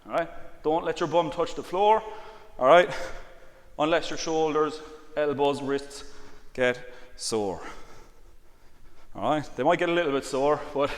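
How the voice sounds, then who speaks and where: A man leading an exercise class, calmly cueing breaths and counting reps, with "all right" again and again. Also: on the high side, measured pace. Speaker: exercise instructor. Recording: long reverb, faint background noise.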